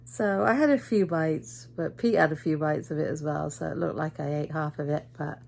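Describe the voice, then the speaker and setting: Brief: middle-aged woman, weary and chatty, slightly low voice with gravelly fry. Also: moderate pace, a little mellow. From Britain. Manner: chatty storyteller, acts out quoted voices. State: tired. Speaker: vlogger. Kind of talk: casual end-of-day vlog chat.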